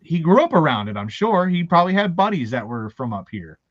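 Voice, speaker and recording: A man's voice: a little high, sing-song, brisk, no echo. Guy hosting a chat, faint baltimore accent, rambly stories, kinda dull dry audio. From Baltimore, USA. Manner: rambling, anecdotal, laughing often. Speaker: host. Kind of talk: casual chat.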